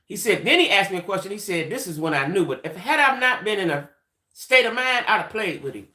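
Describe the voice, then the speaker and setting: An adult woman hosting a livestream, telling a story in a chatty, animated way and talking straight to her viewers. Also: medium pitch, fairly quick. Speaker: livestream host. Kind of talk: casual storytelling chat. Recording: roomy echoey room.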